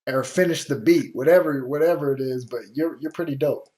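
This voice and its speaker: A man's voice: a little high, brisk, a little mellow. Blunt, profane male beat-review host. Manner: blunt, profane, slangy, encouraging. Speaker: music producer host giving feedback on beats. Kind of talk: casual feedback commentary.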